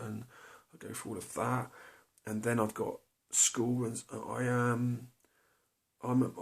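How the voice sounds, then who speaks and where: A man's voice: mid-range voice, vocal fry. A middle-aged man tells a personal story to camera, hesitant and confessional, full of fillers and restarts. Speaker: vlogger.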